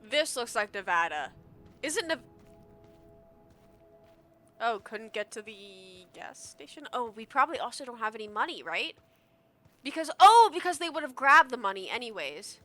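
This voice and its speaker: A woman streamer giving animated, swearing commentary as she plays a game and talks to its characters. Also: fairly high pitch, normal speed, pauses often, soft background music. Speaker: gamer streamer. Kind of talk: let's play commentary.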